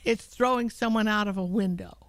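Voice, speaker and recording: A woman's voice: mid-range voice, a little fast, dry recording. Playful radio host woman, dry studio sound. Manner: playful, quizzing her co-host on unusual words. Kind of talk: casual on-air banter. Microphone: studio microphone.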